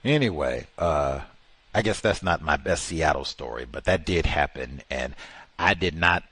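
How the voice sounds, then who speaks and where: A man's voice: extremely low pitch, lively intonation, unhurried, a bit bright, husky, dry recording. A man hosting a talk show, telling a rambling, exasperated anecdote in casual chat. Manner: rambling, exasperated storytelling with many "like" fillers.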